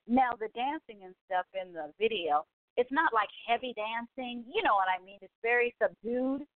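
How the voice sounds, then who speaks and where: A gushing woman in her forties chats casually as a show host, piling on exclamations. Her voice sits fairly high. It comes through a tinny, phone-like line with a dry, close sound. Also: normal speed, dry recording. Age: 40s. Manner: excitable and gushing, frequent exclamations. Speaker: podcast host. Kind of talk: casual chat.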